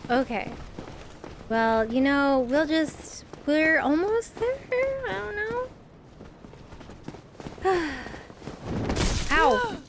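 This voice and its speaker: A woman streaming a game live, panicking with rapid repeated no's and greeting her viewers by name. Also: sits high, noisy background. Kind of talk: live gameplay commentary. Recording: loud music behind the voice.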